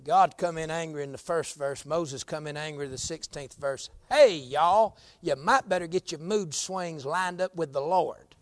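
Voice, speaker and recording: High-voiced preacher, fiery. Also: male voice, normal speed, hardly any pauses. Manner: folksy, drops to low murmurs then climbs to shouting. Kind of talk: fiery sermon.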